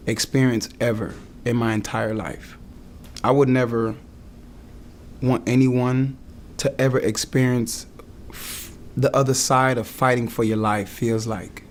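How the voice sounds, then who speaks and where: A young man earnestly recounting a hard experience in his own words, halting and restarting as he goes. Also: mid-range voice, fairly even intonation, a little hiss or hum. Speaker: client giving a testimonial. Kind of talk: emotional personal testimonial.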